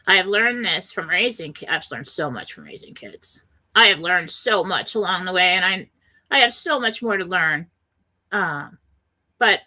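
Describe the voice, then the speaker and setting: Bright-voiced woman radio host. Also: lowish voice. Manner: earnest, rambling, quotes panicked voices. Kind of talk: spiritual self-help talk.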